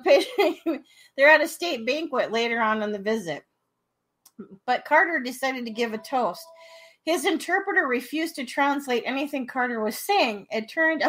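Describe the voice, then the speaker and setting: A woman's voice: sits high, fairly bright tone. A woman hosting a casual chat show, telling a story while laughing through her words. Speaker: podcast host.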